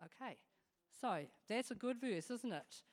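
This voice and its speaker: A woman gives an informal devotional talk in a chatty, humorous way. Her voice sits a little high and moves up and down a great deal. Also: measured pace. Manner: chatty and animated, with humorous asides. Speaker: devotional speaker.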